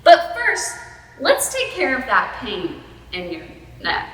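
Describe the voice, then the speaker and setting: A woman's voice: fairly high pitch, wildly swooping pitch, takes it slowly, fairly bright tone, voice pushed up, full character voice. Amelia Bedelia, a woman doing a chirpy literal-minded helper. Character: literal-minded, cheerful young housekeeper woman. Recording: echoey hall, voice from far off.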